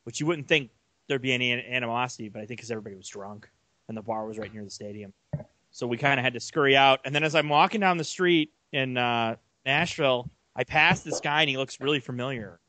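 A young man co-hosting a casual sports podcast, telling long rambling stories with animated energy. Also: medium pitch, fast talker, dry recording. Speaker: podcast co-host.

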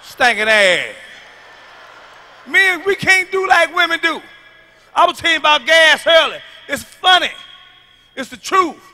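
A man doing a stand-up comedy routine, loud and emphatic, hammering his punchlines over and over with a delivery. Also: very high voice.

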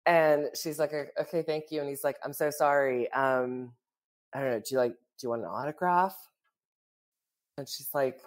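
Woman podcast co-host, very deep voice, chatty storyteller, laughs often. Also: measured pace, pauses often, a little mellow. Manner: chatty, full of "like" and "you know", laughs often. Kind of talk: casual storytelling chat.

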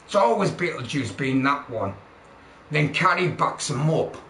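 Heckling and mocking his viewers through constant swearing, a man rants angrily on a livestream in a slightly high, somewhat bright voice. He speaks a little slowly with lively intonation, and the sound carries a roomy echo with faint background noise.

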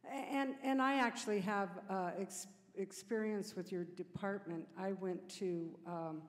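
A woman's voice: medium pitch, steady tone. Rambling woman asking in a hall. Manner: rambling, halting, laughing self-consciously. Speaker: audience member asking a question. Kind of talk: conference Q&A. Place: conference hall. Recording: reverberant hall.

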